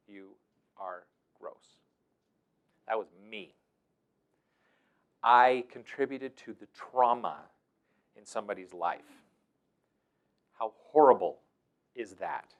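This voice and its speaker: A middle-aged man telling stories as a teacher, animated and breaking into loud, shouted impressions. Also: fairly low pitch. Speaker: wilderness mentor and teacher. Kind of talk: storytelling talk.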